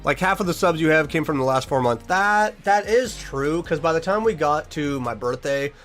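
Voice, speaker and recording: A man's voice: a little high, lively intonation, normal speed, a bit bright, faint music behind. A young man chatting casually on a livestream about goals, earnest and emotional, rambling with restarts. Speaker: streamer.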